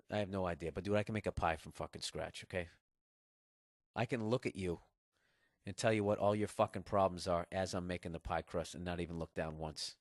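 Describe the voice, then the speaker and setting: A man's voice: fairly low pitch, a bit bright, no echo, studio quality. A man in his forties hosting a podcast, rambling comedically with a profane, sarcastic edge. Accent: Boston. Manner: profane, sarcastic, riffing to listeners. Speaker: podcast host.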